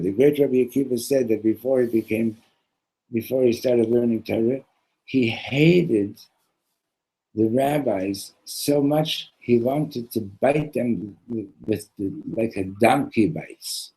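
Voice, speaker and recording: A man, a rabbi, giving a casual sermon with a joke, talking in a halting way with many repeated words and conversational asides. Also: medium pitch, dark tone, husky, poor audio. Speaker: rabbi teaching a class.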